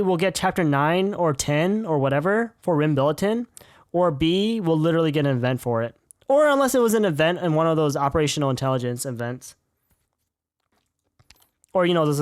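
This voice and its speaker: Rambling and swearing often, this streamer talks casually about the game in front of them and puts themself down as an idiot. Their mid-range voice comes through a dry, studio-quality recording.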